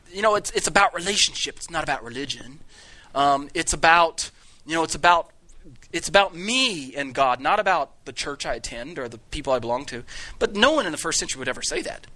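Male Bible teacher, lecturing a live class, conversational and jokey, bright tone. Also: fairly high pitch, animated, brisk. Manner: conversational, jokey, with many restarts.

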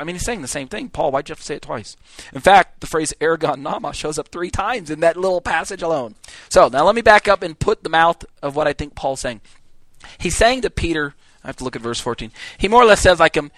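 A man teaching a Bible class, lecturing in an animated way, acting out quotes and often restarting his sentences. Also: a little high, a little fast, no room sound.

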